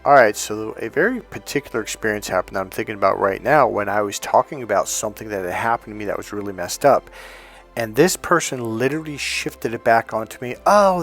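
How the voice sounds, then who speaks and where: A man's voice: fairly low pitch, a bit bright. Man telling stories candidly, faint music. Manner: candid, storytelling, acts out what others said. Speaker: relationship coach. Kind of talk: casual monologue.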